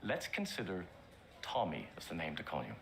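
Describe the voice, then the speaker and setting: An actor playing a smooth, persuasive political adviser in a period TV drama, coaching a man on his speech. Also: low voice, wildly swooping pitch, a little fast, a bit bright, exaggerated voice.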